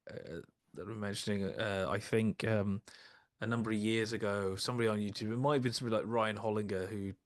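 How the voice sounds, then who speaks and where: A man's voice: on the low side, fairly even intonation, fast, no echo, clean studio sound. A man in a casual film discussion, talking at length with many fillers and hedges. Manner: rambling, heavy use of "kind of" and "you know". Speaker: podcast co-host.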